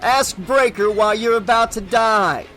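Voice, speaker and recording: A man voicing a sneering demonic salesman who mocks and shouts at his victims. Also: sits high, expressive, a little slow, soft background music, pitched above the performer's own voice, exaggerated voice. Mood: commanding. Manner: mocking, theatrical shouting. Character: sneering demonic male salesman, taunting and cruel.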